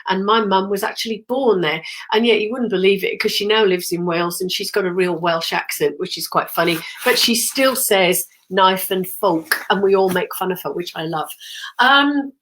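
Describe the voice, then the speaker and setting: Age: middle-aged. Sex: woman. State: has a cold, clears her throat often. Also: mid-range voice, normal speed, fairly bright tone, slight background noise. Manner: chatty and rambling, many ums and throat-clearing. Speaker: spiritual medium hosting a live stream. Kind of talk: casual live-stream chat.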